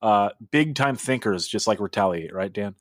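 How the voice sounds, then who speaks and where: A man's voice: lowish voice, animated, normal speed, no echo, studio quality. A man co-hosting a music podcast, talking loosely with lots of fillers and casual swearing. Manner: loose and profane, heavy on filler words. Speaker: podcast co-host. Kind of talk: casual chat.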